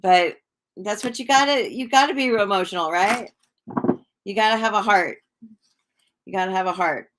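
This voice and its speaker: This tarot reader and livestream host talks in a medium pitch at normal speed, pausing often against a noisy background. She rambles chattily with plenty of fillers while welcoming people in the chat during a casual stream.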